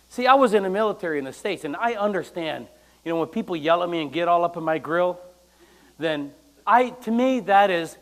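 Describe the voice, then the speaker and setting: Animated, high-voiced male pastor. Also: a little fast. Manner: emphatic, acting out quotes, animated. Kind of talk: sermon.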